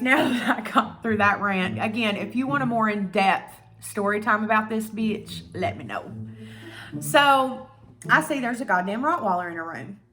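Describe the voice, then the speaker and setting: A young woman with a bright, forceful voice rants through a storytime vlog, animated and freely swearing. A little music plays faintly underneath her. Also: mid-range voice. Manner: animated, profane and ranting. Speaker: YouTuber.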